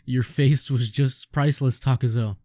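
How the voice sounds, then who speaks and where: A man reading aloud as a battered young male drifter who boasts and reminisces wistfully, with a dark, dry voice. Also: mid-range voice, steady tone, moderate pace, dry recording, natural voice. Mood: boastful. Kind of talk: manga read-aloud.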